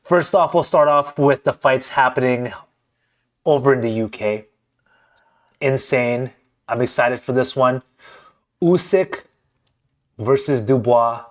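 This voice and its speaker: A man's voice: mid-range voice, slow, long pauses. Chatty man hosting a boxing podcast. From Philippines. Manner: chatty, laughs easily, stumbles and repeats words. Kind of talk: casual chat.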